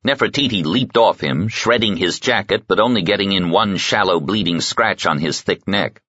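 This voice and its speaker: A man reading an audiobook with lively, dramatic storytelling narration. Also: sits low, normal speed, slightly rough, no echo, lo-fi sound. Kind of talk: scripted narration.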